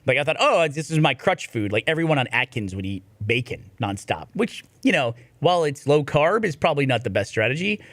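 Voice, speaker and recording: Animated joking man on a podcast. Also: mid-range voice, a little fast, few pauses, no room sound. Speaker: podcast co-host. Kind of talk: casual chat.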